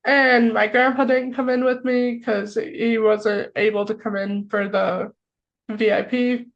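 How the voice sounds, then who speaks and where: A young American woman telling a story on a podcast, excitable and full of "like" fillers. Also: on the high side, unhurried, lo-fi sound. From United States. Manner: excitable, filler-heavy with lots of "like". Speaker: podcast co-host. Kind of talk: casual storytelling chat.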